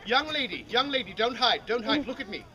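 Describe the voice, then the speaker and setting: High-voiced man teasing a crowd. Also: animated, fairly quick, low-quality recording. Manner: bantering, teasing crowd work. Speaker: street performer. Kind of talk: outdoor comedy show with audience volunteers. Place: outdoor fair stage. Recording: loud crowd outdoors. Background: large crowd.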